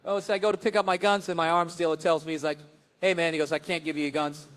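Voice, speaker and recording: A man's voice: on the high side, quick pace. A man telling a comic story with lots of swearing, acting out the other people in it. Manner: profane, animated, acts out other people's voices. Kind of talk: comedic storytelling.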